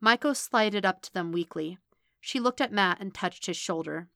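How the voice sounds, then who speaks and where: Bright, dry-voiced woman reading fiction. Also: mid-range voice, normal speed, vocal fry, no echo. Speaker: podfic reader. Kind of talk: audiobook-style fiction reading.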